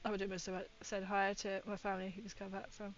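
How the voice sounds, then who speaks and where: A woman's voice: mid-range voice, completely flat delivery, a little fast, lo-fi sound. A woman painting miniatures and chatting with viewers in a rambling, giggly way. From Britain. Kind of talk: casual chat while painting.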